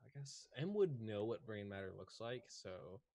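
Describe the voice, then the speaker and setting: A man playing a tabletop game, talking casually and quickly about his character. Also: fairly low pitch, very animated, mellow. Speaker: player.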